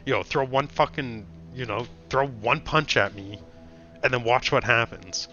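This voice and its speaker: A man's voice: medium pitch, a little slow, pushed and bright, soft background music. A young man streaming, telling a story in casual chat with blunt, profane ranting. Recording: dull lo-fi stream audio.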